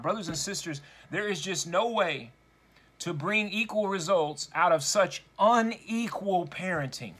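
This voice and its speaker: A man preaching a sermon, slow and deliberate, leaning hard on key words for emphasis. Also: sits high, a bit bright, slightly rough.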